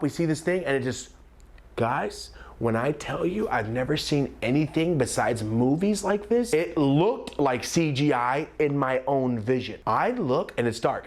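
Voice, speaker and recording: A young man in his twenties, a comedian, telling a story with lots of energy, sometimes shouting out lines. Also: mid-range voice. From California. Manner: animated, screams and shouts quoted lines.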